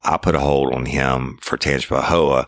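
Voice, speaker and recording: A middle-aged man, a police detective casually telling a case story, blunt and profane, loud and heated when he quotes himself. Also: a bass voice, steady tone, moderate pace, dry recording, clean studio sound.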